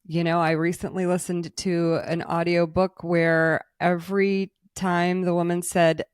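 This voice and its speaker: An eager woman host chats and reacts quickly, her voice sitting a little low. The recording is dry and close. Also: little pitch movement, clean tone, dry recording. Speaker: interview host and writer. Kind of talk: casual interview chat.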